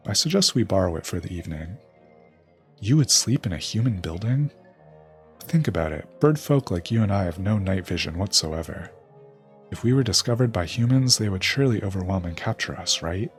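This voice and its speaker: A man's voice: sits low, lively intonation, a little fast, soft background music. A man reading out a sly, scheming male raven king from a game's dialogue.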